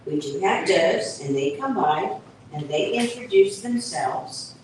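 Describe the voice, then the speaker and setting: Slow woman reading a picture book aloud. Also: on the low side, animated, darkish tone, slight background noise. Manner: slow, explanatory storytelling with asides. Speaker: author reading her book. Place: event hall at a book fair. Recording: echoey event hall from far off.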